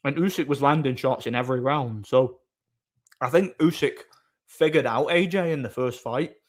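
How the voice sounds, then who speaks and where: A man's voice: mid-range voice, normal speed. A man chatting casually on a live stream, rambling as he answers his chat's comments.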